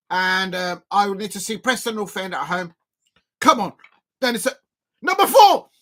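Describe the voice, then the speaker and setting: An excitable man hosts a live football watch-along, his voice bright and forceful. He jumps from playful jokes to loud, despairing outbursts. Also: high voice. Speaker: football fan channel host.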